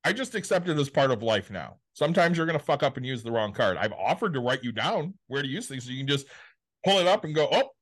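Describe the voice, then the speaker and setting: Blunt swearing Michigan man, mid-pitched. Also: very animated, quick pace, a bit bright. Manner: blunt, frustrated, heavy swearing. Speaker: podcast co-host. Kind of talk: casual chat.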